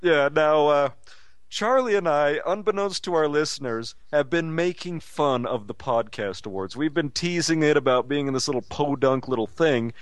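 A man's voice: fairly high pitch, moderate pace, no room sound. A man co-hosting a podcast in casual comedic chat, teasing his friend with a dry wit. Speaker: podcast co-host.

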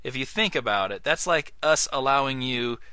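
Male co-host, animated and bright, quick talker. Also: mid-range voice, clear, resonant tone, dry recording. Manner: fast-talking, laughs often. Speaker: podcast co-host. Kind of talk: casual comedic chat.

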